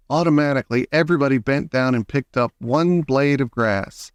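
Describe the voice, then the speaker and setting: A man reading a children's story aloud in a lively, expressive way. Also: medium pitch, moderate pace, few pauses, clear, resonant tone, no room sound, studio quality. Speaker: audiobook reader.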